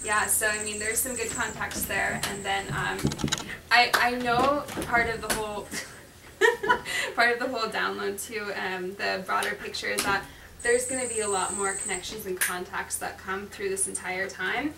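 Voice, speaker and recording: A woman's voice: mid-range voice, normal speed, creaky. A woman guest in a casual interview, earnest and laughing often, with many fillers. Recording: echoey, distant, loud noise.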